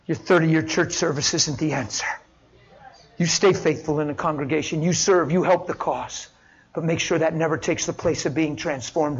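Impassioned high-voiced preacher, man. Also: muffled recording. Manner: impassioned, swings from hushed to shouting. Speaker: pastor. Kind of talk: sermon.

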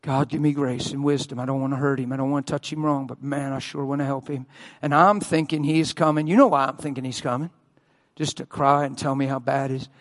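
A man preaching a sermon as a pastor, telling a story and acting out the quotes with loud cries. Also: steady tone, a little fast. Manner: acts out quotes, shouting and wailing at high peaks. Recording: long hall reverb.

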